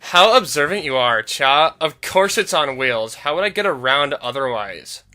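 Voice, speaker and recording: A man's voice: on the high side, expressive, normal speed, pushed and bright. A man voicing a laid-back female witch in a valley girl voice, drawling and tacking "cha" and "brah" onto her sentences.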